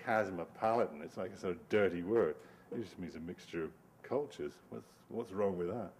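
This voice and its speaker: A man in middle age talks his audience through slides in a loose, rambling way. His voice sits low, and he breaks into wry laughs at his own jokes. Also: normal speed, few pauses, a little mellow, slight background noise. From Britain. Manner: wry, digressive, laughs often. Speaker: cartoonist giving a talk. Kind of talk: informal talk over slides.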